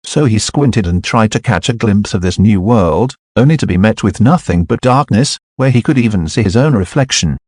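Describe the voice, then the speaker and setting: Low male narrator for a novel audiobook, steady and even, dry recording. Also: normal speed, hardly any pauses, slightly rough, no echo.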